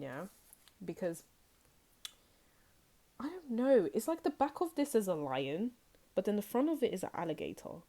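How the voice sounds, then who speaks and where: A young woman gives a casual tarot reading straight to her viewers. Her voice sits low and mellow for a woman. She talks in a loose, rambling way and jumps into quoted reactions. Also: very animated, normal speed. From United Kingdom. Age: young adult. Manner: chatty and rambling, acts out quoted reactions with high exclamations. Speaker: tarot reader.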